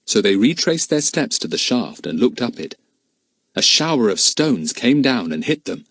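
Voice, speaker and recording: A man narrates a children's adventure book in a clear, expressive way. His pitch rises and falls a lot as he tells the story. The sound is dry and close. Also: normal speed, dry recording. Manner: lively, expressive reading. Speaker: audiobook narrator.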